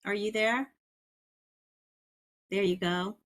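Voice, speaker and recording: A woman with a mid-range voice and a steady tone chairs a community committee meeting over a video call, speaking slowly. She runs the online roll call, welcoming members by name in a friendly way.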